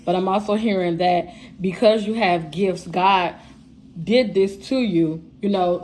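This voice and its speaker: A woman's voice: medium pitch, a little mellow, a little hiss or hum. A woman giving a channeled tarot reading, blunt and profane. She talks straight to her viewers as "y'all" with plenty of emphasis. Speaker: tarot reader.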